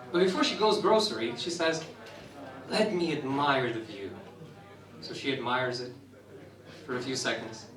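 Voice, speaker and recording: A young man from Romania telling a personal story at an open mic, animated and laughing through the funny parts. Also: a little high. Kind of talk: spoken-word storytelling. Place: live stage in a roomy venue. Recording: echoey room, voice from some distance.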